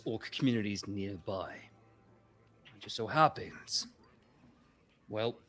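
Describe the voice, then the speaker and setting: A man playing a friendly, encouraging leader, who speaks earnestly and praises warmly. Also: fairly low pitch, close to an everyday voice. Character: friendly older-brother leader, warm and encouraging.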